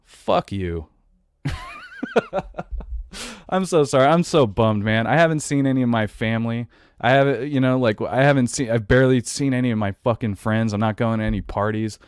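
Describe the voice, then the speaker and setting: A man's voice: medium pitch, fairly quick, clear, resonant tone, no echo. Profane ranting male podcast host. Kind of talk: casual ranting chat.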